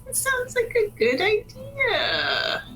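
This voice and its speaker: A woman playing in a tabletop game as a guest, speaking in a squeaky, sing-song voice. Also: sing-song, takes it slowly, bright, forceful tone, faint music behind, rough recording. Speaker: guest player. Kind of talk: casual tabletop play.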